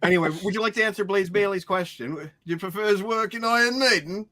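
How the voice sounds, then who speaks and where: A man hosting a casual music podcast, excitable and quick to laugh. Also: high voice, noisy background. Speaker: podcast host. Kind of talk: casual chat.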